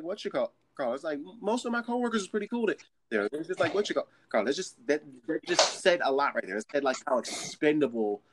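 A man's voice: on the high side, a little hiss or hum. A man who works in a store, telling a long, profane, ranting story about crowds and customers in a casual chat. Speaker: retail store worker. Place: San Jose.

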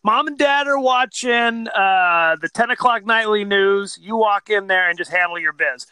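A man co-hosting a podcast in casual chat, animated and laughing as he retells scenes. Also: high voice, moderate pace, clear, resonant tone, no echo. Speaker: podcast co-host.

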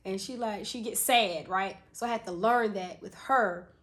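Her voice sits in the mid range and her pace is moderate. She's a podcast co-host in her thirties, casually and animatedly sharing family stories and laughing often along the way.

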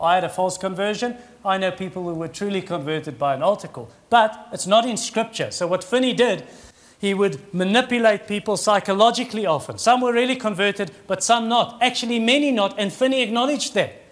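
A man's voice: sits high, fairly quick. A middle-aged man preaching a sermon in an earnest, conversational way that rises in emphasis.

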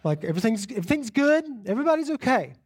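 Pastor guy, highish voice, tells funny stories then reads scripture, repeats himself a lot. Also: very fast, a little hiss or hum. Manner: animated storyteller, self-deprecating humor, repeats phrases. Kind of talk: sermon with personal story. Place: church sanctuary.

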